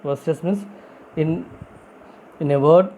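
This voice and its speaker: A man who isn't a native English speaker gives a classroom-style vocabulary lesson in a fairly high but dark-toned voice, taking it slowly. He explains step by step, asks and answers his own questions, and repeats key phrases. The audio is poor, with slight background noise.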